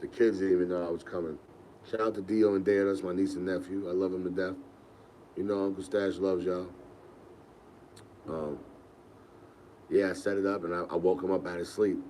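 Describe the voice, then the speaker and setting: A young man with a low voice tells stories from his life in a loose, slangy podcast chat. He gets animated as the stories build. A faint hiss sits under the recording. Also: moderate pace, long pauses. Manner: animated, laughing, slangy storyteller. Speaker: podcast host. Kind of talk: casual storytelling.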